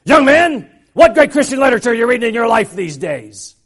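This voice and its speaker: A man voicing a huge, brash older male preacher who barks loud commands while telling a story. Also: very high voice, lively intonation, fairly quick, voice pushed up. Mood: demanding. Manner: loud and commanding, barking orders.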